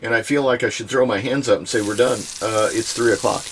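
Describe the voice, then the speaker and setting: Deep-voiced folksy man vlogging. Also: fairly even intonation, a little fast, slight background noise. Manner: folksy, joking asides. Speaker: online reseller and channel host. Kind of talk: casual vlog narration. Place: home storage room.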